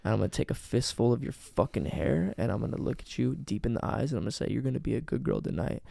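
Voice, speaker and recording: A man putting on a slow, commanding, half-whispered voice as a dominant lover in whispered role-play. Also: animated, mellow, no room sound, clean studio sound. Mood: low, dominant. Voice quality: low, breathy, half-whispered. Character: dominant man murmuring explicit promises to a lover.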